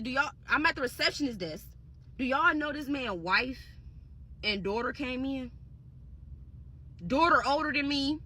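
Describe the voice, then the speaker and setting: A woman's voice: sits high, bright, forceful tone. A young woman hairstylist telling a casual storytime straight to her viewers, blunt and profane.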